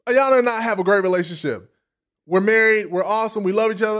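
A man with a high voice and delivers a sermon with big swings in volume and emphasis. He drops to near-whispers for asides, then punches key lines hard. He also acts out other people's voices as he preaches. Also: fast talker. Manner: animated preaching, dramatic swings between soft and loud.

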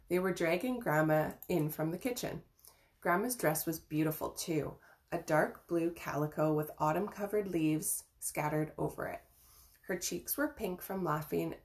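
Gravelly-voiced woman reading a storybook. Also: fairly low pitch. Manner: gentle, even reading with small slips and restarts. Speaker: reader of an audiobook chapter. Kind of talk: storybook read-aloud.

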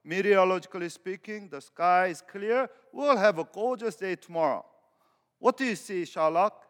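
Doctor Watson, as a pastor puts him on sleepy and rambling. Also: male voice, sits high, moderate pace, fairly bright tone. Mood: sleepy musing. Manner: rambling, lecturing reply. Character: sleepy, long-winded man companion. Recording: long hall reverb.

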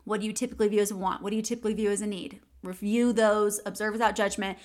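A woman's voice: medium pitch, steady tone, very fast, a little mellow. A woman hosting a solo podcast and coaching her listeners through a journaling exercise. She speaks encouragingly, often laughs, and repeats key phrases. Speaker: podcast host and mindset coach.

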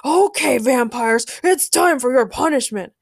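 A woman voicing an aggressive male vigilante who shouts his lines. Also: high voice, animated, unhurried, vocal fry, breathy edge, no room sound, clean studio sound, exaggerated voice.

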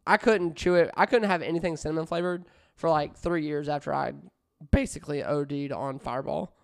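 A man's voice: fairly high pitch, brisk, gravelly. A man co-hosting a podcast, trading crude jokes in casual banter. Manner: crude, joking, often breaks into laughter. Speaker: podcast co-host.

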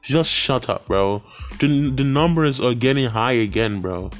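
A man's voice: medium pitch, unhurried, soft background music. A young man ranting as a vlogger, heated, profane and rambling, full of slang. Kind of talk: profane rant to camera.

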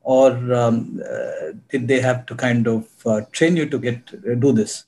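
A man hosts the interview and asks his questions hesitantly, with many pauses and fillers. His voice is warm and mellow. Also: mid-range voice. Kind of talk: casual conversational interview.

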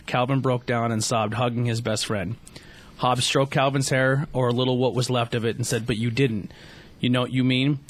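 A man's voice: mid-range voice, little pitch movement, moderate pace. A young adult man, a podcast host, casually reading a fan story aloud on his show, stumbling often and restarting lines. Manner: stumbling read-aloud with frequent restarts and fillers.

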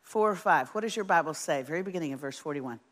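Woman, sermon, lower voice, animated and folksy, quizzes the congregation. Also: quick pace. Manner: animated, folksy, asks the audience. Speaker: Bible teacher.

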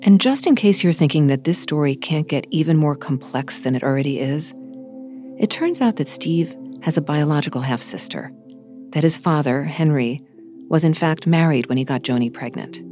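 A woman hosting a podcast, narrating and reflecting in a thoughtful, measured way. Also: sits low, lively intonation, mellow, faint music behind. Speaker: podcast host.

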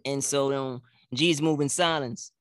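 A man's voice: medium pitch, steady tone, moderate pace, a bit bright, smooth, no room sound, studio quality. A man co-hosting a casual faith podcast. He talks playfully, often repeats his lines for emphasis and laughs a lot. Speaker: podcast co-host.

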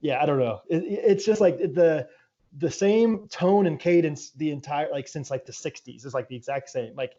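A young man co-hosting a casual podcast chat, animated and jokey. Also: a little high, muffled recording. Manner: animated, quick to laugh, jokey. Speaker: podcast co-host.

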